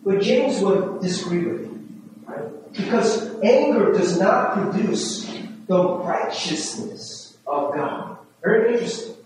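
A man's voice: high voice, background noise. A man preaching a sermon as pastor, talking with the congregation in a conversational way and often asking "right?". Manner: acts out his own inner voice with rising, fast self-talk. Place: church sanctuary. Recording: very echoey hall, voice from far off.

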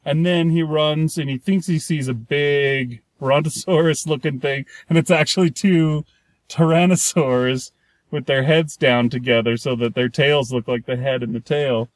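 A man's voice: fairly high pitch, fairly even intonation, a little slow, no room sound. A man with a slightly raised voice talks casually about a movie he watched. He rambles, breaks off and restarts, and slips into voices to act out lines. The sound is dry and close. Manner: rambling, trails off and restarts, acts out characters' lines. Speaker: podcast co-host. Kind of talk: casual movie review chat.

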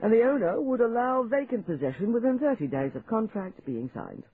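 A man's voice: extremely high pitch, sing-song, a little fast, pitched above the performer's own voice. A man reading an audiobook, voicing a pale, thin teenage clerk who speaks in a tired, dismissive way. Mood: weary. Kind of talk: audiobook dialogue. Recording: tinny phone-like sound, faint hiss.

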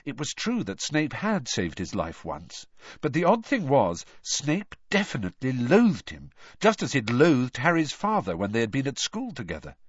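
A man narrating an audiobook in a measured, expressive way, on a dull, dry, lo-fi recording. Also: medium pitch, slightly rough, no echo. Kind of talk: scripted narration.

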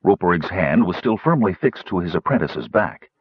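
Brief: deep, husky male audiobook reader, expressive melody, dry, muffled recording. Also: no room sound. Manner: measured storytelling, shifting into character voices. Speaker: audiobook narrator. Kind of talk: scripted fantasy narration.

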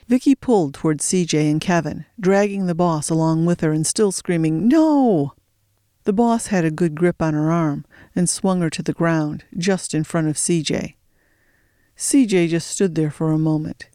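A narrator reading a thriller audiobook in a steady storytelling voice, slowing for suspense. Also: medium pitch, clean tone, dry recording, studio quality.

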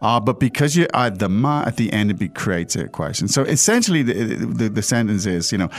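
A man's voice: on the low side, big pitch swings, fairly quick. A man hosting a language-lesson podcast, who explains patiently and keeps checking in with his co-host. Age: adult father.

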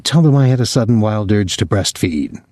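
A man voicing a bitter, restless young wife who speaks in a sharp, sardonic way. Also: lowish voice, lively intonation, normal speed, dry recording, studio quality, close to an everyday voice. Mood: biting. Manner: sardonic, cutting.

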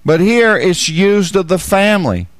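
A man with a high voice gives a Bible teaching sermon in a dry, close sound. He repeats his key phrases, puts questions to the listeners, and drops low and slow to press a point home. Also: animated, no room sound. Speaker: preacher.

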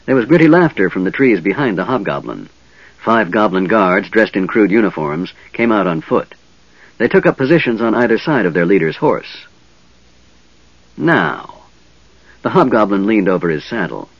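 A man narrating a fantasy audiobook in an expressive reading, recorded dull and dry. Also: on the low side, brisk, slightly rough, no echo. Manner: lively, expressive reading with many voices.

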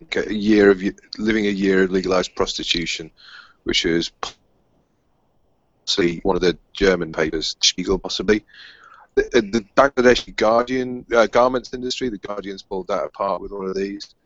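A man with a low voice moderates a panel discussion, stopping and restarting his sentences often. The sound is bone-dry and muffled, as though coming through a weak call line. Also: no room sound. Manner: halting, many restarts. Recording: muffled lo-fi audio.

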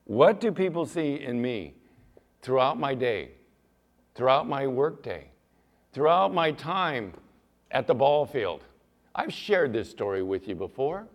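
A male pastor preaching a sermon in church, animated, rising to loud emphasis and dropping to soft asides. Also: mid-range voice, unhurried, pauses often.

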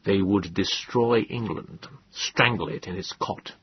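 A man voicing an earnest, persuasive middle-aged male government official in an audiobook, lecturing in a husky voice. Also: sits low, measured pace, slight background noise. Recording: dull lo-fi dry audiobook.

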